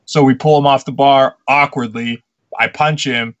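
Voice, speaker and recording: A young man co-hosting a casual podcast, a pro wrestler who tells animated stories and swears casually. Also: medium pitch, normal speed, muffled recording.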